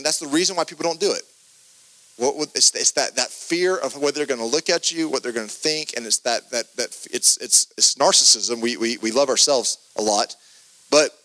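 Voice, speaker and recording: A man, preaching a sermon and telling a story from his youth, with animated delivery and many repeated starts. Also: medium pitch, dry recording.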